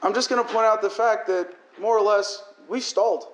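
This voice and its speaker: A man's voice: sits high, fairly even intonation, normal speed. A man giving an emotional, profane political speech to a crowd, his voice cracking toward tears as he rants. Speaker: political speaker. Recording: echoey hall.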